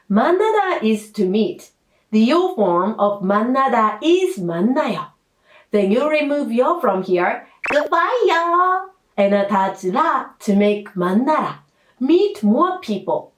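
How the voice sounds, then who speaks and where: Lady teacher explaining grammar, kinda high voice, patient and playful. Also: big pitch swings, normal speed, slight background noise. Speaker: Korean language teacher. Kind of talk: scripted lesson narration. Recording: roomy echo.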